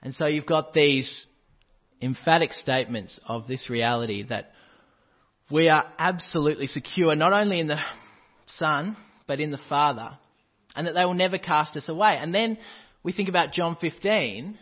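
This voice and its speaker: Guy preaching a sermon, kinda husky and a bit high, really emphatic, muffled lo-fi sound. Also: normal speed. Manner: emphatic, quotes scripture with rising intensity.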